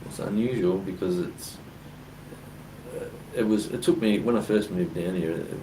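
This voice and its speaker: Deep-voiced Australian man, rambling, distant mic. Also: normal speed. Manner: rambling storyteller with many fillers. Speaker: co-host. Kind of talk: casual chat. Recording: distant mic with clear background noise.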